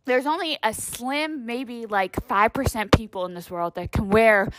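Woman vlog host, slightly high voice, dry close sound, rambling and profane. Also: unhurried, no echo. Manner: rambling, profane, heavy use of "like". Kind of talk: casual comedic monologue.

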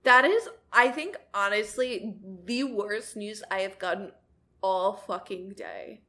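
A woman's voice: medium pitch, takes it slowly, pushed and bright. A woman co-hosting a podcast in casual chat, playful and dramatic, often laughing. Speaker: podcast co-host.

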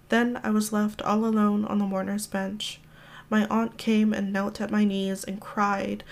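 A woman reads a memoir excerpt aloud for a podcast. Her delivery stays level, with little rise and fall in pitch. The reading is calm and measured. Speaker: podcast reader.

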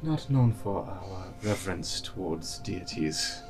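A man's voice: deep voice, lively intonation, takes it slowly, over music. A man playing a tabletop game, making wry teasing remarks. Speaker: player. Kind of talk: casual chat.

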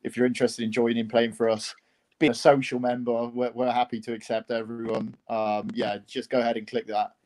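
A man guesting on a relaxed interview, speaking at an ordinary middle pitch. He comes across easygoing and unhurried while talking up his club team. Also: poor audio. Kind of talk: casual interview.

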